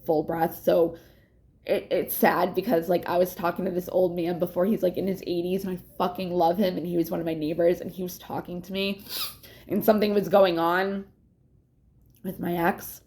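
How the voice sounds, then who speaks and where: Gravelly-voiced woman venting casually. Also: on the low side, flat delivery, moderate pace, dark tone. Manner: candid, rambling, swears often, laughs between thoughts; yawns to catch her breath. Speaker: vlogger. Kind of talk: casual personal vlog.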